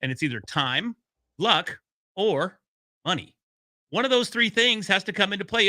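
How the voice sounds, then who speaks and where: A middle-aged man, a podcast consultant, telling blunt, animated stories with some swearing in a casual chat. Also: sits high, normal speed, long pauses, no room sound. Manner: animated storyteller, blunt and profane.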